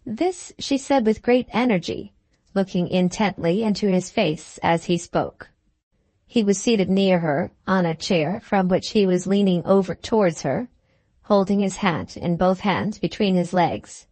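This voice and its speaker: A woman's voice: medium pitch, measured pace, a little mellow, no room sound. Woman narrating a classic novel. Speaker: audiobook narrator. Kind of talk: scripted audiobook narration.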